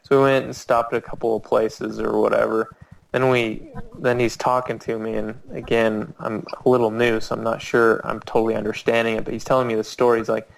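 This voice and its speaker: A man's voice: flat delivery, a little fast, vocal fry, low-quality recording. A man telling a rambling, restart-filled anecdote, his voice leaping up whenever he quotes someone. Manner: rambling with many restarts, jumps high when quoting people. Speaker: storyteller. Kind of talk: casual anecdote told to a small audience.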